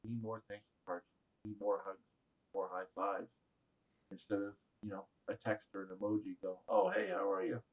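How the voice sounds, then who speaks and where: A middle-aged man, a podcast guest, telling animated stories in a jokey way and acting out the voices of people he quotes. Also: fairly low pitch, moderate pace. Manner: jokey, acts out quoted voices, laughs often. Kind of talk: animated storytelling. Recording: slightly dull lo-fi audio.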